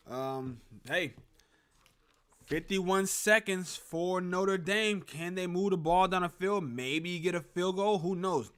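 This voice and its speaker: A young man reacts live to a football game on his casual sports show, broadcasting from a room with a closet at home. He rambles and greets chat viewers in a high, slightly bright voice at a measured pace.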